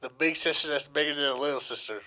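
A man's voice: fairly high pitch, fast, bright, forceful tone. A man in his thirties co-hosting a podcast, chatting casually in a rambling, slangy, profane way. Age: 30s. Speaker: podcast co-host. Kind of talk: casual chat.

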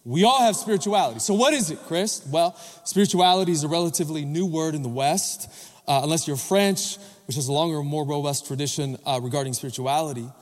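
A man with a fairly high voice preaches to his congregation, pausing to quiz them and ask for an amen. His words ring out with a long reverb that fills the large church hall. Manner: engages the congregation with questions and calls for responses. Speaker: pastor. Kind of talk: sermon. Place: church sanctuary.

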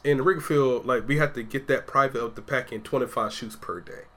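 A man's voice: medium pitch, brisk, pushed and bright. A man, an army veteran, telling stories in a casual chat. He is profane and slangy and acts out what others said.

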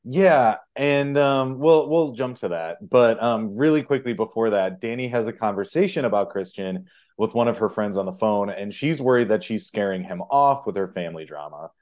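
A man with a low voice co-hosts a casual film podcast. He steadily walks through the story scene by scene. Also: moderate pace. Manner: steady, recaps the plot. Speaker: podcast co-host.

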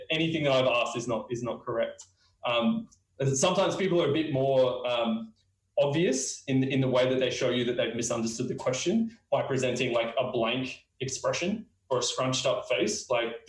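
A man with an Australian accent gives a spoken lesson at a quick pace, full of fillers and restarts. His voice sits in a roomy, echoing space. He sounds a little away from the mic. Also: medium pitch, recorded from a distance. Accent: Australian (Queensland). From Queensland, Australia. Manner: fast talker with many fillers and restarts. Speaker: user research instructor.

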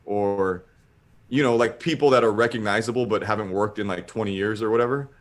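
A man's voice: lowish voice, brisk. A man telling a long casual story, rambling with lots of filler words.

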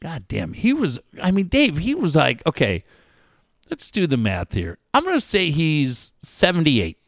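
A man's voice: a little high, unhurried, no echo, studio quality. A man hosting a casual chat, telling stories with lots of swearing. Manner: profane, animated storyteller.

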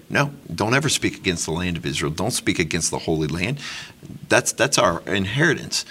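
Low-pitched guy preaching at a sabbath service, gets emphatic and pushes hard on his points. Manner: emphatic, rising to forceful exhortation. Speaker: congregation teacher. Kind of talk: sermon-style discussion.

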